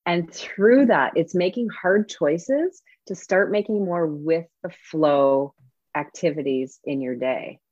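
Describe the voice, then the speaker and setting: A woman author explaining an idea in a steady, clear way during a conversation. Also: sits low, slow pace, dry recording, dull audio. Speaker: author guest.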